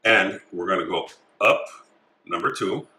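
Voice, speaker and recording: A man calmly talking through each step of a craft tutorial as he works with his hands. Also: deep voice, measured pace. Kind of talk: step-by-step instruction. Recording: echoey room.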